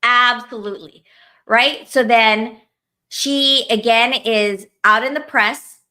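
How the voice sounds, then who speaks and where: A woman's voice: on the high side, takes it slowly, bright, forceful tone. A woman co-hosting a podcast, ranting in casual chat, heated and profane, full of filler words. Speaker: podcast co-host.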